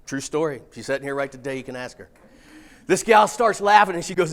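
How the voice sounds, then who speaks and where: A man's voice: medium pitch, fast talker. Folksy man telling stories. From Missouri. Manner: folksy, animated, casual swearing. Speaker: speaker. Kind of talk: storytelling keynote talk.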